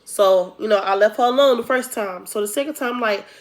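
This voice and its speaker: A woman's voice: mid-range voice, fairly quick. A young woman telling a personal story to her viewers in a casual, chatty way, talking to them as y'all. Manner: chatty, addresses viewers as y'all, acts out quotes. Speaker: storytime vlogger.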